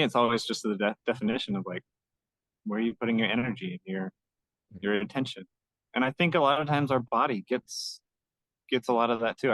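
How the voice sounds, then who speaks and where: A man co-hosting a podcast, explaining his ideas earnestly and gently in a casual conversation. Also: medium pitch, no echo, poor audio. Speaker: podcast co-host.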